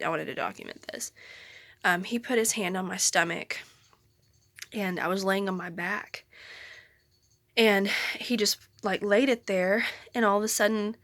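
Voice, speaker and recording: A woman's voice: medium pitch, fairly bright tone, no echo. Chatty, slightly breathless young woman vlogging. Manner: chatty, rambling, apologetic, with frequent ums. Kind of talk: casual pregnancy update vlog. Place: bedroom. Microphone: handheld phone camera at arm's length.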